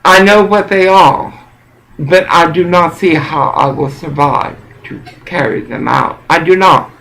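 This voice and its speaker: A man with a high-pitched voice delivers a rambling monologue slowly and deliberately. He talks intensely and haltingly, circling back to repeat his phrases like a sermon. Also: gravelly, fairly bright tone, poor audio.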